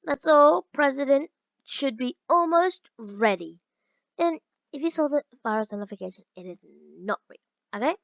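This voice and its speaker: A woman playing a game and reading its dialogue aloud, mixing in quick exclamations of her own. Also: high-pitched, expressive, gravelly, no room sound. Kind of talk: let's-play commentary. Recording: dull lo-fi recording.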